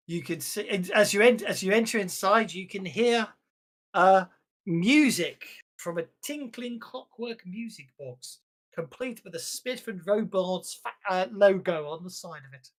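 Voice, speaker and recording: A woman with an Irish accent running a tabletop role-playing game as game master. She narrates casually, with fillers, restarts and frequent laughter. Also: on the low side. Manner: chatty, laughs often, many restarts and fillers.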